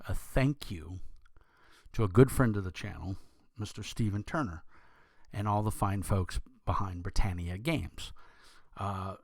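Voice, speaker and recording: A young man with a deep voice, talking casually as a channel host, rambling with many fillers and restarts. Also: a little mellow, dry recording. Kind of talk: casual talk to camera.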